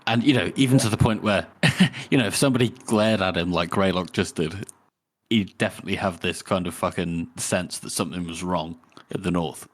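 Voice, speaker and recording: A man's voice: sits low, brisk. A man co-hosting a casual book podcast, talking loosely with many "you know"s and easy laughs. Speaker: podcast co-host.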